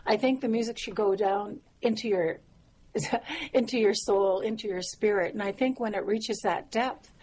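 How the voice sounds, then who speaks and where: A woman's voice: mid-range voice, moderate pace, breathy edge. Reflective woman songwriter, chatty. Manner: warm, reflective, frequent fillers and soft laughs. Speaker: songwriter and musician guest. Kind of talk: casual interview conversation.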